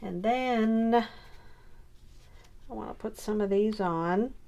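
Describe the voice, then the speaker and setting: A woman's voice: mid-range voice, very slow, vocal fry, mellow. A woman scrapbooking on camera, chatting casually and muttering to herself as she works. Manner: self-talking, muttering while working. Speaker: scrapbooking vlogger. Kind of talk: casual crafting chat.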